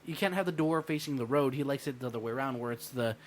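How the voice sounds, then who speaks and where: A man's voice: mid-range voice, fast talker, a little hiss or hum. A man, a guest on a casual podcast, telling a story in a rambling, hesitant way with lots of fillers.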